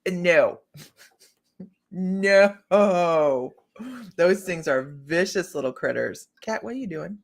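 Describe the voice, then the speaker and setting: This Ohio psychic reader runs a livestream where she reads cards, greets viewers by name in a relaxed way, and laughs a lot. She has a fairly low-pitched, animated voice and talks slowly with long pauses.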